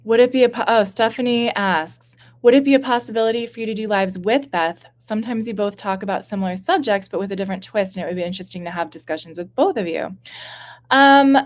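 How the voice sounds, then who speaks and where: A woman in her thirties chatting on a home live stream, her voice sitting at an ordinary middle pitch. She rambles through viewer questions with fillers and self-mocking asides. A slight stuffiness from postnasal drip colours her talk. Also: fast. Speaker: YouTube channel host.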